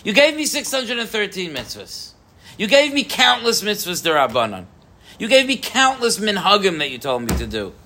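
A man acts out an indignant inner cynic in a sharply raised voice, complaining in exasperated rhetorical questions. The pitch swings high above a plain speaking voice, and the words are clipped and protesting. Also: very animated, normal speed, sharp tone, a little hiss or hum, exaggerated voice.

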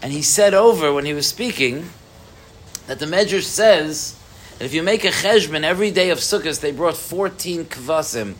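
A man teaching a Torah class to a live group, animated, with rhetorical questions and frequent restarts. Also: on the high side, normal speed, slight background noise.

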